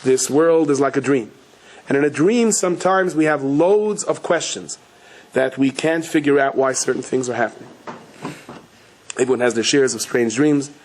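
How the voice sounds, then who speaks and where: A man giving a storytelling sermon as a rabbi, speaking. He acts out the quoted voices in his stories with lively pitch jumps and often restarts and corrects himself mid-sentence. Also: moderate pace, slight background noise. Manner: frequent restarts and self-corrections. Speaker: rabbi giving a Torah talk.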